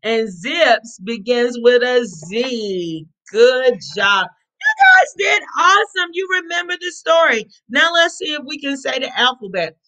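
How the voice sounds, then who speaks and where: A woman teacher leads a phonics read-aloud for little kids, sounding out each letter slowly and cheering the children on. Her voice is bright and fairly high, and she takes her time. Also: animated. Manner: encouraging, drawn-out letter sounds, sing-song prompts.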